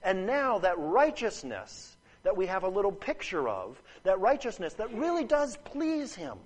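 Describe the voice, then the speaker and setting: High-voiced man preaching a sermon. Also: wildly swooping pitch, measured pace, poor audio. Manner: earnest, emphatic, repeats phrases, asks "Right?" to listeners.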